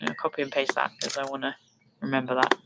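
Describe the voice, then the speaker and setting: A woman's voice: very deep voice, level tone, fast, vocal fry, background noise. A young woman hosting a casual live stream, reading viewer questions and chatting with frequent laughs. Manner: chatty, self-deprecating, laughs often.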